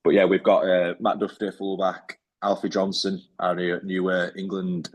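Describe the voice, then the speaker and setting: A man's voice: low voice, little pitch movement, moderate pace. A man talking as a rugby league player in a casual interview, easygoing and rambling, with many fillers and restarts.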